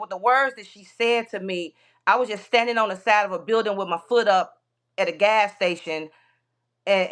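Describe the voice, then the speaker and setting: A woman's voice: mid-range voice, a bit bright. A woman guest on a podcast telling a long road-trip story in a rambling way, with many restarts.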